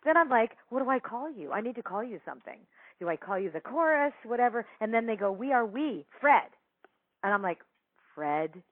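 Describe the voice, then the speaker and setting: Chatty female storyteller, animated and laughing, dry tinny phone-line audio. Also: a little high, fairly quick, no room sound. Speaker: psychic medium guest telling a story. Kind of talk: casual storytelling interview.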